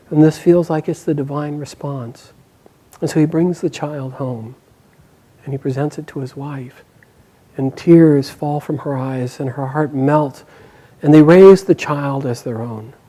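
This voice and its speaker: Casual: guy telling an old epic out loud, mellow slightly high voice, expressive with pauses. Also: rough recording. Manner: expressive, warm narration with pauses and restarts. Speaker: storyteller. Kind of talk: oral storytelling of an epic.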